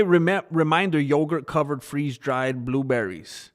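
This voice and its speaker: A man live-streaming in a loose, rambling way, talking straight to his chat. He laughs easily and drifts from one thought to the next, with a voice that sits in an ordinary middle pitch. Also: moderate pace.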